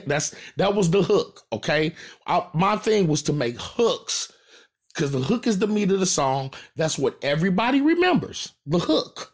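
A man's voice: fairly high pitch, sing-song, normal speed, breathy edge. A man from St. Louis with a St. Louis accent, a rapper talking to his fans in a boastful, profane, emphatic monologue. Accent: St. Louis American. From St. Louis, USA.

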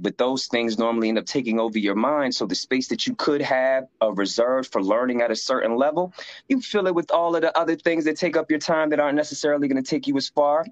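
A man's voice: medium pitch, no echo, muffled recording. A man in casual conversation, telling stories animatedly, acting out quoted voices and using frequent fillers. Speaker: guest sharing life story.

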